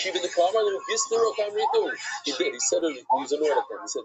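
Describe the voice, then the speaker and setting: A man teaches a Talmud class in a fairly high voice that leaps up and down as he acts out the rabbis he quotes. He talks his way through the text with many restarts. The recording sounds dull and lo-fi. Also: big pitch swings, quick pace, hardly any pauses, a little hiss or hum.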